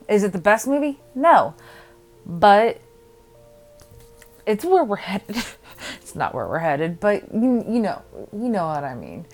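A woman's voice: mid-range voice, sing-song, measured pace, long pauses, darkish tone, soft background music. A young woman hosting a casual solo podcast from home, rambling, giggling and joking at herself. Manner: rambling, giggly and self-deprecating. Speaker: podcast host.

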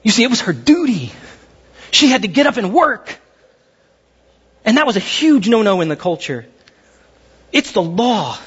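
A man preaching a sermon in a lively, conversational way, acting out the voices of the people in his story. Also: high-pitched, moderate pace, pauses often, husky, muffled recording. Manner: animated, acts out voices of characters. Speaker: pastor.

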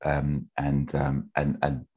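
A man with a very deep, husky voice, rambling through a story in casual chat, full of fillers. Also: completely flat delivery, slow, muffled recording. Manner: rambling, many fillers, acts out characters' lines in a high voice. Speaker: podcast guest pitching a fan episode.

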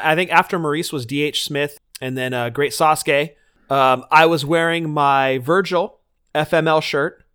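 A man with a slightly high voice chats casually on a podcast. He tells long stories with plenty of fillers and acts out bits of conversation along the way. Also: clean tone. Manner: animated storytelling with fillers. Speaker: podcast co-host. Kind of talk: casual chat.

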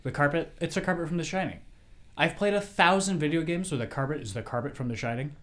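A young man co-hosting a podcast, chatting casually and telling stories in a rambling, animated way. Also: fairly high pitch, fast talker. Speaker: podcast co-host. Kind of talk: casual chat, telling a joke.

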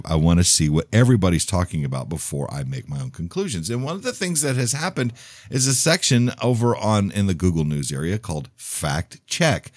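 A radio talk show host with a low voice muses through a rambling, blunt, opinionated casual monologue full of restarts and asides. The studio-quality recording has no echo.

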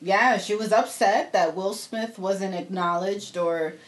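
A woman in casual podcast chat, blunt and sassy with quick retorts. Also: mid-range voice.

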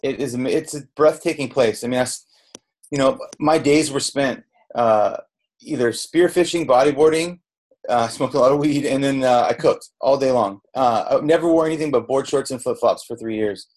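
The guest is a middle-aged Southern California chef whose medium-pitched voice has a darkish tone and moderate pace. In this casual podcast interview he tells his story candidly and ramblingly, with restarts and bits of quoted dialogue, captured on a podcast mic.

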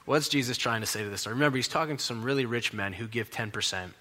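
A male pastor preaching in a chatty, emphatic way, his voice bright and forceful. A long reverb trails each phrase, as if in a big church hall. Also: mid-range voice, very fast. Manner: conversational, emphatic storytelling preacher. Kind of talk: sermon. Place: church in New York City.

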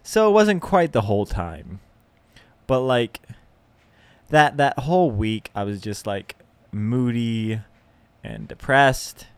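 A young man talks through his week on a solo podcast in a loose, rambling way, full of fillers and false starts. His voice sits in an ordinary middle pitch. The sound is dry and close, with no room around it. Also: lively intonation, slow pace, clear, resonant tone, no echo. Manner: rambling, self-deprecating, lots of fillers and restarts. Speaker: podcast host. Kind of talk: casual solo podcast chat.

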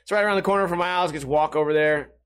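A man's voice: rapid-fire, fairly bright tone, clean tone. A young man telling stories in a casual monologue, swearing often and mimicking the people he talks about. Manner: profane, laughing, mimics others in a higher voice. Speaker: storyteller.

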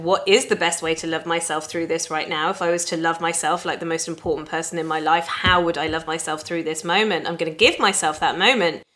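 Woman musing out loud about her feelings, chatty and frank, drops the odd swear. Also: lowish voice. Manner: candid, conversational, swears casually. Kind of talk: reflective personal monologue.

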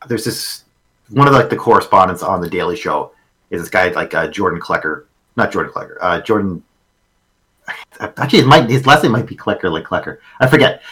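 A man co-hosting a podcast in casual chat, telling stories haltingly with repeated words and casual swearing. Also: sits low, a bit bright, low-quality recording. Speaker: podcast co-host.

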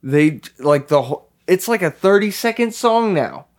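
A young man in casual podcast chat, rambling and swearing in quick bursts. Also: high-pitched, big pitch swings. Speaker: podcast co-host.

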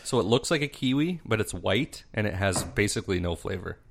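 A man in casual chat, telling stories with deadpan jokes. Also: fairly low pitch, brisk, gravelly.

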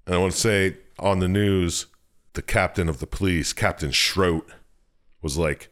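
Young man, very deep voice, animated storytelling, swears a lot, casual chat. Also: unhurried. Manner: animated storytelling, swears freely, acts out characters. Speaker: podcast co-host. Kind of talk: casual chat, recapping a video game story.

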